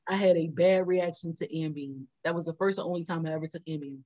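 With a low voice and a fast delivery, a woman co-host spins a story in a casual chat. She keeps it animated, breaking into laughter often and dramatizing the quotes.

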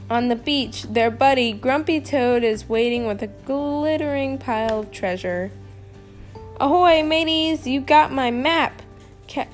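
A woman reading a children's picture book aloud, slowly and expressively. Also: fairly high pitch. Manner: slow, expressive reading with lively character lines. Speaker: storybook reader.

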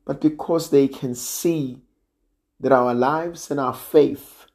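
A man preaching a sermon in a slow, measured way, sometimes dropping almost to a hush for emphasis. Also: medium pitch. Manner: slow and measured, drops to near-quiet emphasis.

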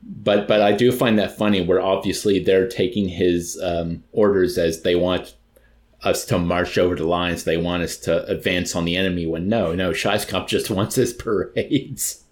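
A man's voice: deep voice, steady tone, normal speed. A man reading a novel aloud expressively, then chatting about it casually as co-host. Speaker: reader and co-host.

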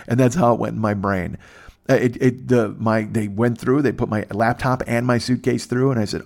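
A man's voice: mid-range voice, fairly even intonation, fairly quick, gravelly, darkish tone. A man hosting a podcast, telling a rambling, profane comic story that keeps drifting off track. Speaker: podcast host. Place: temporary setup away from home.

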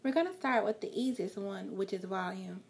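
A woman giving a spoken lesson on vocal expression, talking calmly and encouragingly and changing her loudness and pace to show examples. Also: medium pitch, moderate pace, gravelly. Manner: calm, encouraging, shifts loudness and pace to demonstrate. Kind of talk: instructional talk.

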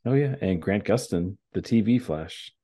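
A man co-hosting a podcast, talking in a laid-back, halting way with lots of fillers. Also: deep voice, lively intonation, mellow. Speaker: podcast co-host. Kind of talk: casual chat.

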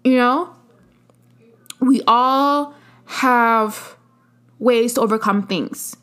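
A young adult woman talks through her solo podcast in a casual, heartfelt manner. Her voice sits a little high, and she leans on repeated phrases for emphasis. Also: very slow, a bit bright, clean tone. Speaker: podcast host.

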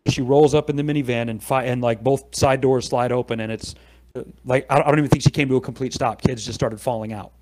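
A middle-aged man talking on a podcast, telling an animated story. He acts out the people he quotes as he goes. His pitch sits in the middle for a man. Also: quick pace, slight background noise. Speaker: podcast guest. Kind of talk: casual storytelling chat.

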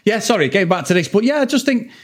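A man's voice: high-pitched, sing-song, rapid-fire. A man in his forties, co-hosting a casual film chat podcast, rambling with plenty of swearing. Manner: rambling, swears freely, frequent laughs. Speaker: podcast co-host.

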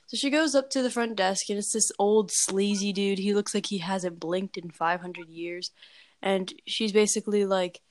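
A woman's voice: medium pitch, fairly even intonation, normal speed, no echo. A woman casually telling a scary story, rambling with lots of fillers and valley-girl phrasing.

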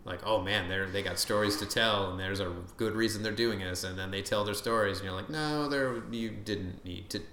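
A man's voice: on the low side, normal speed, hardly any pauses, bright, forceful tone. A man from Canada hosting a casual podcast chat, wry and dry as he reads listener emails aloud. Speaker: podcast host. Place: room with several people. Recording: echoey room, faint background noise.

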